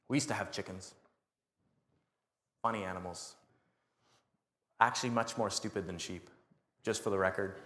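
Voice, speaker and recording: A man's voice: low-pitched, normal speed, pauses often, echoey room. A man preaching a sermon, telling stories with laughter and acting out what people said. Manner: animated storytelling with laughs and acted quotes. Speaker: pastor.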